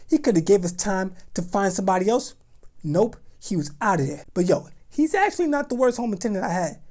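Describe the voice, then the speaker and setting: A young adult woman telling a storytime vlog in an animated, slangy, dramatic way. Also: fairly high pitch. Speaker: vlogger.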